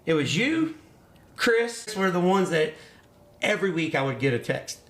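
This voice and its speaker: A man's voice: on the high side, big pitch swings, moderate pace, fairly bright tone. A man hosting a casual podcast chat, a former racer who talks loosely, laughs often and swears casually. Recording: echoey room.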